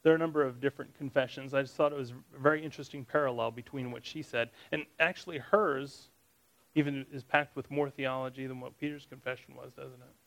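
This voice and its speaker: A man's voice: medium pitch, steady tone, quick pace, creaky, rough recording. A man teaching a Bible study. He reads scripture aloud, then explains it in a conversational way and asks his listeners questions.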